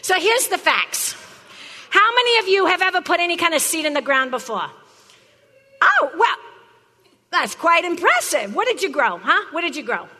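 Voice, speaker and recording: A woman's voice: very high voice, sing-song, normal speed, pauses often, bright, forceful tone, big-room sound, exaggerated voice. An actress playing a pushy, brash botany teacher who teases her class in a comedy sketch. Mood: brassy. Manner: brassy, teasing, talks straight at a class. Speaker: comic actor playing a teacher.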